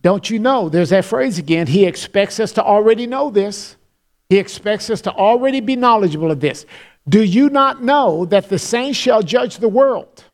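A pastor giving an expository Bible teaching in an earnest, explanatory way, often repeating words as he thinks. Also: high-pitched.

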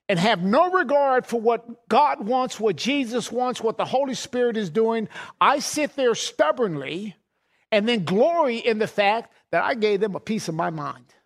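Middle-aged guy preaching, pretty high voice, folksy, chuckles a lot, trips over his words. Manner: folksy, laughs often, stammers and repeats words. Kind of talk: sermon.

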